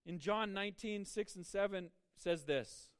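High-pitched man preaching a sermon. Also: measured pace, clean tone, no echo, clean studio sound. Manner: emphatic, repeats words when starting a thought. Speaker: pastor.

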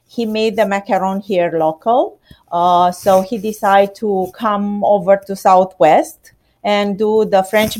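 Slow-speaking Romanian-accented woman. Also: mid-range voice, darkish tone. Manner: non-native phrasing, many hesitations. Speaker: macaron shop owner. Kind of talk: interview answers.

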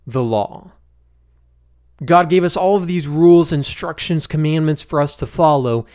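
A man hosting a podcast, teaching a Bible passage in a relaxed, conversational way with the odd chuckle. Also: a little high. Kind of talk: casual Bible study teaching.

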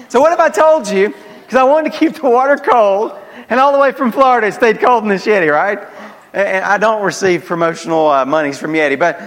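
High-voiced Southern pastor in a reverberant hall. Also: male voice. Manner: call-and-response, asks congregation for amens. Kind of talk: sermon. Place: church sanctuary.

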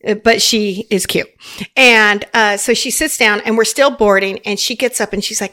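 A middle-aged woman with a slightly high voice tells flight stories in an easy, chatty way. She giggles often and keeps her telling lively and animated. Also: moderate pace. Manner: giggly, animated storyteller who laughs often. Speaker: podcast guest, flight attendant. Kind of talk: casual storytelling chat.

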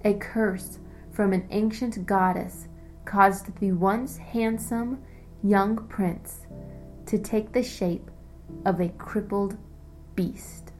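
A woman narrating a fantasy audiobook in a measured, descriptive way. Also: medium pitch, steady tone, darkish tone, soft background music, low-quality recording. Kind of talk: scripted story narration.

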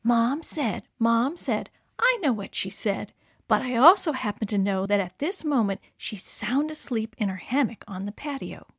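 A woman's voice: on the high side, expressive, unhurried, hardly any pauses, no echo, clean studio sound. A woman voicing a teasing teenage boy with a lazy, mocking drawl, reading him in a children's story. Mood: mocking whisper.

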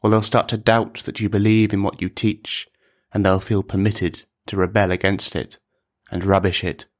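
Brief: male narrator, low voice, measured deadpan storytelling. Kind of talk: scripted narration of a dark comic story.

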